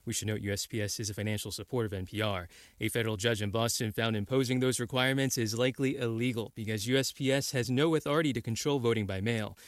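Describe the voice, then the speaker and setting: Fast-talking male news reporter. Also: medium pitch, steady tone, no room sound, clean studio sound. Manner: brisk reporting.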